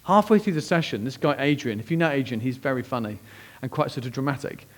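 A man, a pastor preaching a sermon as lively, conversational personal storytelling. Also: medium pitch, quick pace.

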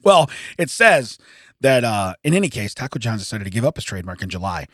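A man's voice: on the low side, sing-song, a bit bright, dry recording, studio quality. A man in his forties co-hosting a podcast, reading news items aloud and laughing often as he stumbles over the text. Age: 40s. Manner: laughs often, reads haltingly. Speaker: podcast co-host. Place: podcast studio.

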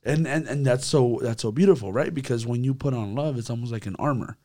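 Man, youth leader, casual church group talk, lively and animated. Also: mid-range voice, brisk. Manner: animated, acts out quotes, repeats words.

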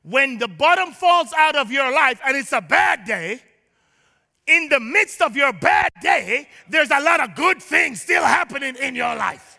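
An expressive male pastor preaches unhurriedly in a church sanctuary, his creaky voice trailing into a long reverb tail. He is emphatic, shouting at times and murmuring low asides at others, and calls for the congregation's response.

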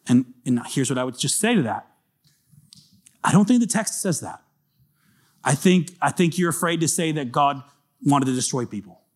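A man's voice: on the high side, lively intonation, moderate pace, long pauses. A man preaching a conversational sermon, emphatic and speaking directly to his congregation. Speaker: pastor.

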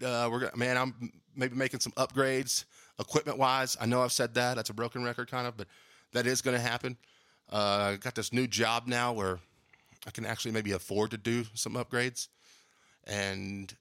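A man's voice: mid-range voice, bright, forceful tone, no echo, studio quality. A man hosting his own podcast, rambling earnestly through a year-end thank-you and tagging many phrases with "man". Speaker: podcast host.

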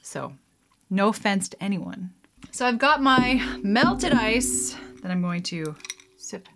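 Taking it slowly, a woman with a mid-range, fairly bright voice and big pitch swings chats casually to camera as she mixes a drink at home, with a little hiss or hum in the recording. She's giggly and self-deprecating, rambling with lots of "like" and "um."

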